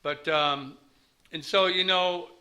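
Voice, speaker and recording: A man's voice: on the high side, steady tone, slow, pushed and bright. A man in his fifties from the United States, telling his personal recovery story to a meeting in a candid, rambling way.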